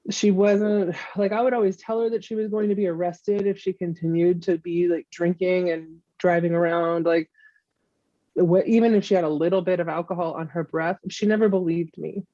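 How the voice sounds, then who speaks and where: A woman guest in an interview, recounting events in a candid, halting way with frequent restarts. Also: on the low side, dark tone, dry recording. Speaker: guest, mother of the subject. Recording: muffled lo-fi recording.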